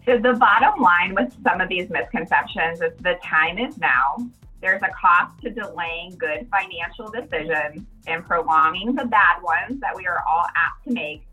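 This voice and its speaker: A woman financial advisor giving firm, measured advice as a podcast guest. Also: fairly low pitch, pushed and bright, soft background music, poor audio. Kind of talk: expert advice in conversation.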